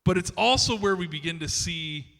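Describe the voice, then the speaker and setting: A man's voice: high voice, moderate pace, bright, forceful tone, in a large hall. A man preaching a sermon as pastor, talking conversationally and acting out scenes from the scripture. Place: church sanctuary.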